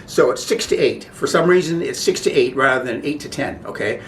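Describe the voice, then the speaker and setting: Halting man teaching breathwork, roomy and distant. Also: expressive. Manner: halting, many restarts and "okay?" checks. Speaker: breathing instructor. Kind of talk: informal spoken instruction. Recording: roomy, distant mic, faint rumble.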